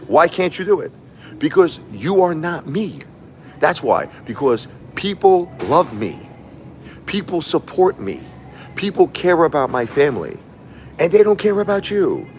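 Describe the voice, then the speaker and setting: A man livestreaming a combative, boastful rant, taunting his critics and repeating himself. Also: fairly high pitch. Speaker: livestreaming YouTuber. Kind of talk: ranting livestream monologue.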